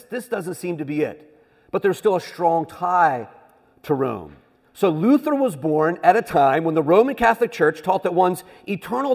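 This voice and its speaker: Man, church class teacher, high husky voice, chatty lecturing with rhetorical questions, long hall reverb. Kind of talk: church history lesson.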